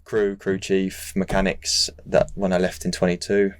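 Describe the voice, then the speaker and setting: A young man, telling his story in a relaxed, rambling way full of restarts and fillers, as a podcast guest. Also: deep voice, moderate pace, clear, resonant tone, no echo. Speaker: guest racing rider. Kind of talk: casual interview chat.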